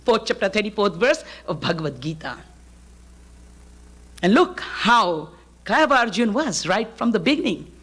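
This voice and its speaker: A woman preacher from Fiji gives a devotional sermon with a bright, forceful voice. Her pitch swings widely as she tells parables and chants Sanskrit verses. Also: moderate pace, long pauses, breathy edge. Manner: animated storytelling with Sanskrit verse recitation. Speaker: spiritual preacher. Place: live talk to an audience.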